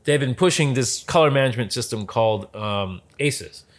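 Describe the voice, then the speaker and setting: A man talks in an easy, conversational way at a middle pitch. His delivery is animated and full of stories, and he often jumps back to restart a sentence as he goes. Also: normal speed. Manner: animated storyteller, acts out quotes, many restarts. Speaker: lighting specialist guest. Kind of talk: casual conversation.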